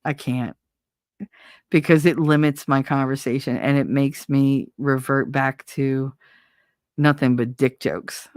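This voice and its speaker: A woman's voice: a bass voice, fairly even intonation, slow, a little mellow, no room sound. A middle-aged woman live-streaming, chatting casually and reading out viewer comments, blunt, profane and sarcastic, often laughing.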